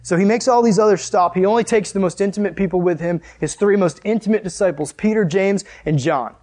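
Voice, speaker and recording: A man preaching a conversational sermon, animated and speaking straight to his listeners. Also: high voice, fairly quick. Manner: animated storyteller, addresses listeners directly.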